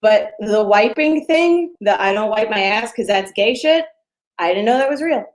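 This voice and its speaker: A woman's voice: mid-range voice, animated, moderate pace. A woman in her twenties doing a stand-up set from home over a video call, telling a story with many fillers and playful asides. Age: 20s. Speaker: stand-up comedian.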